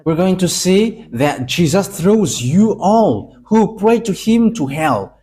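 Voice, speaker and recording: Male preacher, emphatic sermon delivery, mellow dark tone. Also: high voice, very animated, slow, husky. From Madagascar. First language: Malagasy.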